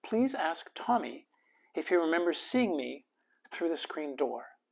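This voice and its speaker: A man voicing an elderly grandmother, loving and gentle, in a soft, slow, slightly raised voice. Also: fairly high pitch, very animated, vocal fry, full character voice. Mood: pleading.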